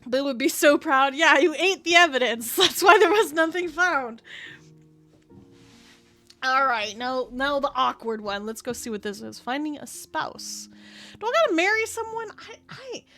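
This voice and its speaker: A woman's voice: high-pitched, animated, measured pace, pushed and bright, soft background music. A woman streamer from Canada chatting casually through a game, giggling often and swearing freely. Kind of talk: casual gaming stream chat.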